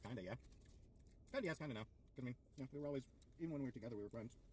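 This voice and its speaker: A man's voice: mid-range voice, expressive, very fast, a little mellow, a little hiss or hum. A man answering questions in a casual chat, laid-back and hesitant with fillers. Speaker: interviewee in a clip.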